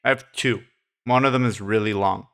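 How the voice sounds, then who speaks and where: A man's voice: fairly low pitch, steady tone, moderate pace, gravelly, a bit bright. A man co-hosting a film podcast, chatting easily and agreeably and laughing often. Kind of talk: casual chat.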